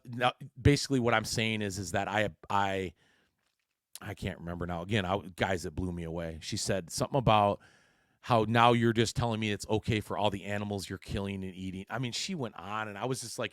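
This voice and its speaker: A man hosting his own podcast tells a rambling story bluntly, packed with profanity and frequent restarts. His voice is lowish with a fairly bright tone, and the studio-quality audio has no echo.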